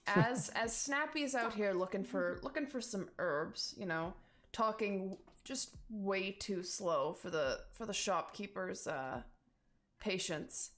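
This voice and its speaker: A woman's voice: mid-range voice, expressive, slow pace, a bit bright. A woman running a tabletop game as game master, narrating casually with loose, rambling phrasing.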